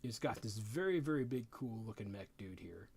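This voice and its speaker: A middle-aged man streaming live, giving casual first impressions of a game rulebook in an excitable way that is full of stammers and repeated words. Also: fairly low pitch, normal speed, vocal fry, breathy edge.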